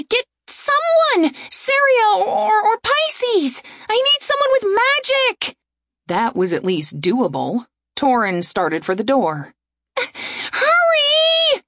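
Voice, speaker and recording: Female audiobook narrator, slow and measured, expressive with an animated pitch. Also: no room sound, clean studio sound. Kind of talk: scripted story narration.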